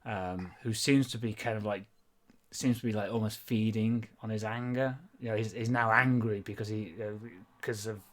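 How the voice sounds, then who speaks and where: A man's voice: on the low side, fairly even intonation, moderate pace. A man narrating as game master of a tabletop game in a loose, rambling, chatty way.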